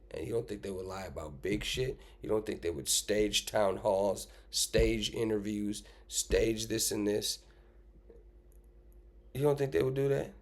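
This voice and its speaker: A man with a fairly low voice reacts to clips in a loose, casual way. He talks bluntly and swears freely, pressing his point with one rhetorical question after another. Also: darkish tone.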